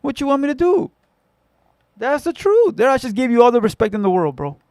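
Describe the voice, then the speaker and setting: Blunt, gravelly-voiced man from Southern California. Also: very high-pitched, very animated, fairly quick, a little mellow, no echo. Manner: blunt, profane storytelling with street slang. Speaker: livestream host. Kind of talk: casual livestream chat with viewers.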